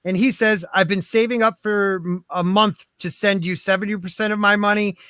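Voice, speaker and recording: A man's voice: high-pitched, fairly even intonation, moderate pace, bright, forceful tone, clean tone, no echo, studio quality. A man hosting a livestream podcast, joking around and thanking viewers for their donations. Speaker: podcast host. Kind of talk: casual livestream chat.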